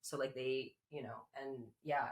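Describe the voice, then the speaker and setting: A woman's voice: very deep voice, fairly even intonation, measured pace, crowd noise. A woman guest telling a personal story in a chatty way, full of likes and restarts and frequent laughs. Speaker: podcast guest. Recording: echoey room.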